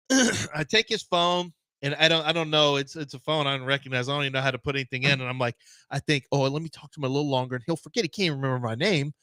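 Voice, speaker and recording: A man from the Houston area co-hosting a sports radio show, telling stories in a casual, animated way and acting out the people in them. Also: a little high, fast talker, dry recording. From Houston area, Texas. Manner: animated storyteller, acts out other people's voices.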